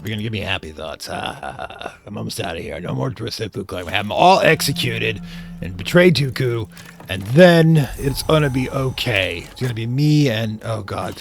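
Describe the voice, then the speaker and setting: A man's voice: fairly low pitch, animated, moderate pace, vocal fry, soft background music. Playful man narrating a game. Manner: playful, slips into mock-villain theatrics. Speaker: let's play host. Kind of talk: casual gameplay commentary.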